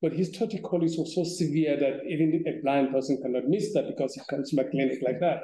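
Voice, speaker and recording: A man lecturing as an ENT surgeon at a conference, informal, with chuckling asides and halting restarts. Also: fairly high pitch, steady tone, warm tone. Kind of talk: conference lecture with patient videos. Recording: echoey hall.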